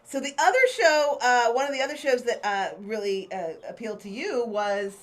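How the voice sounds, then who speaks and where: A woman's voice: a little high, normal speed. A woman co-hosting an improv comedy show, bubbly and sociable as she chats with the audience. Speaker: improv host.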